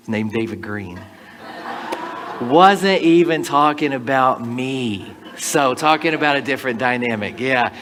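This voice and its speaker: A man's voice: medium pitch, fairly bright tone, slight background noise. Man preaching in a reverberant church. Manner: folksy, anecdotal, asides to the congregation. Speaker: pastor. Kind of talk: conversational storytelling sermon. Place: church sanctuary. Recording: long reverb of a large church hall.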